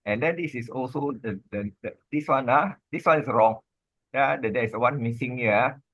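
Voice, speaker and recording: A man, teaching Pali grammar in an informal lesson, halting and repeating himself, with many "ah" and "lah" fillers. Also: mid-range voice, fairly bright tone, no echo, muffled recording.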